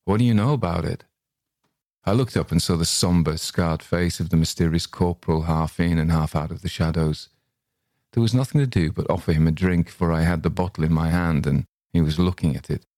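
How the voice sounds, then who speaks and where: A man reading a short story aloud as its narrator, in a measured, unhurried way. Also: deep voice, fairly even intonation, darkish tone, no room sound, studio quality. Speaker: story reader.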